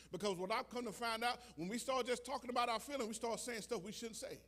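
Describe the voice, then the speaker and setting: A pastor preaching a sermon, building to shouts, stammering and repeating lines. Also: male voice, extremely high pitch, fast, few pauses. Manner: stammers and restarts, chuckles.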